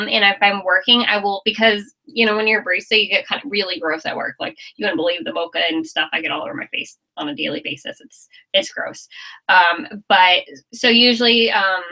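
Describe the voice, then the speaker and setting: A woman's voice: fairly low pitch, pushed and bright, rough recording. A young woman vlogger chatting casually and playfully while doing her makeup.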